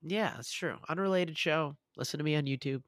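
A man's voice: fairly high pitch, brisk, no room sound, studio quality. A young man co-hosting a casual sports podcast, joking around and swearing freely. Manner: animated, joking, swears often, laughs a lot. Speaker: podcast co-host.

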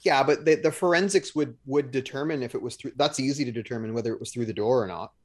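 A man's voice: mid-range voice, fast, a little mellow. A man in casual chat, rambling with restarts as he retells events. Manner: rambling, restarts, retells trial scenes with quoted lines.

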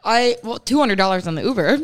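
A woman's voice: mid-range voice, expressive, fast talker. Giggly young woman from Iowa. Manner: giggly, chiming in with short replies. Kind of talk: casual chat.

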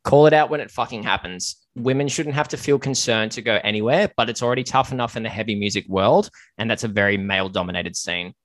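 A man's voice: fairly low pitch, fast talker, hardly any pauses, dry recording. A man hosting a casual podcast chat, earnest on serious points and joking with his guests. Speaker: podcast host.

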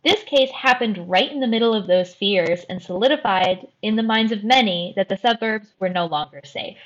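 A woman hosting a podcast and telling a true crime story in a careful, measured way. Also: medium pitch, a bit bright, highs cut off. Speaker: host.

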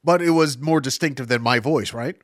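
A man's voice: medium pitch, fairly quick, no echo, studio quality. A man hosting a casual podcast, rambling and swearing, often breaking into giggles. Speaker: podcast host. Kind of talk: casual chat.

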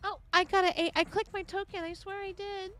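A woman playing a tabletop game over voice chat, lively and giggly. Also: very high voice, brisk. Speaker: player.

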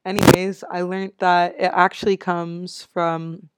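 A woman's voice: fairly low pitch, little pitch movement, unhurried, very noisy. A young American woman hosting her own show, chatting casually and upbeat with frequent laughs. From United States. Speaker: podcast host. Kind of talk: casual solo chat.

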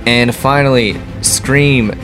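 Chill guy hosting a podcast, slow easy delivery, music playing behind. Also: mid-range voice. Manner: upbeat, lists topics. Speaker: podcast host. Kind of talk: casual chat.

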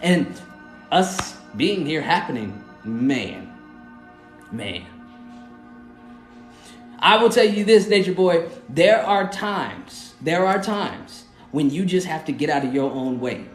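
A man's voice: fairly high pitch, lively intonation, takes it slowly, pauses often. A man hosting a live stream, talking in a loose, rambling and earnest way, encouraging his listeners. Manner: loose, rambling, often asks "you know what I mean". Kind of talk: casual live-stream talk. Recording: roomy echo, faint music.

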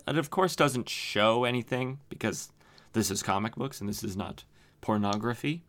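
A man with a fairly low voice recapping old comic books in a loose, conversational podcast style. He rambles and leans heavily on fillers as he tells the plot. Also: animated, normal speed, fairly bright tone. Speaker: podcast host. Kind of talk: casual comic book recap.

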